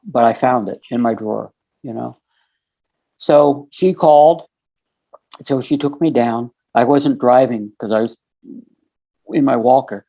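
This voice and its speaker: A man's voice: medium pitch, a little slow, vocal fry, pauses often, warm tone. A middle-aged man telling a story earnestly on a podcast, recounting conversations step by step and filling with "you know" and "um". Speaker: podcast guest. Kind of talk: casual storytelling.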